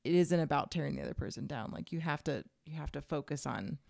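A woman co-hosting a casual advice chat, speaking haltingly with frequent restarts and light laughter. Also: low voice, gravelly, a little mellow, dry recording, clean studio sound. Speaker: podcast co-host.

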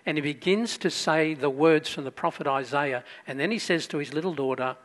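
A man preaching a sermon as pastor, storytelling with loud emphatic bursts and quiet asides. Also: on the high side, brisk, hardly any pauses.

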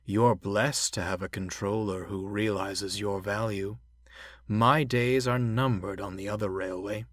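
A man voicing a polite, formal male steam engine, speaking in a measured, courteous way. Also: lowish voice, fairly even intonation, a bit bright, no room sound, studio quality.

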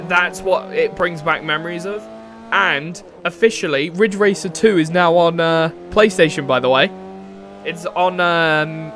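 A young English man streaming a racing game, chatting in a rambling, casual way and answering chat. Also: on the high side. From England. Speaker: gaming streamer. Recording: racing game engine noise behind.

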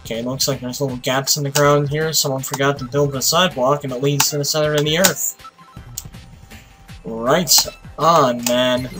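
A tired young man giving casual, profane commentary while playing a game, with sudden excited outbursts. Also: medium pitch, normal speed, over music, rough recording. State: tired, sleepy voice. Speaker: let's play host.

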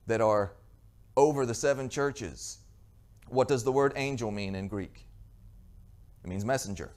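An earnest male pastor delivering a sermon at a middle pitch, asking the congregation questions and restarting his phrases as he goes. His delivery is plain and sincere. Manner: earnest preaching with frequent restarts and rhetorical questions.

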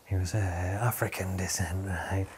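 A man's voice: sits low, fairly even intonation, measured pace, breathy edge. A young man hosting a podcast, rambling and joking with lots of fillers and restarts. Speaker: podcast host. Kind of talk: casual podcast chat.

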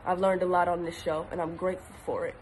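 A woman's voice: fairly low pitch, little pitch movement, fast talker, darkish tone, a little hiss or hum. A tearful woman giving an earnest personal video message, often repeating herself for emphasis. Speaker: actress.

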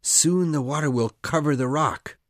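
A hurt, desperate young boy pleads in a low, urgent voice, as a woman narrator puts him on. His tone sits well below the storyteller's own, and the sound is close and dry. It is a storybook reading. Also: moderate pace, no echo. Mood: grave.

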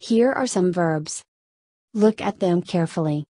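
Mellow, slow-reading woman teacher. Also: lowish voice, no room sound. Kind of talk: scripted lesson narration.

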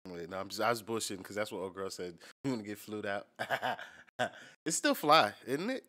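A man's voice: fairly low pitch, steady tone, fast talker. An American man casually reacting to a video with profane, joking banter. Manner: profane, loud, laughing banter. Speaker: reaction streamer.

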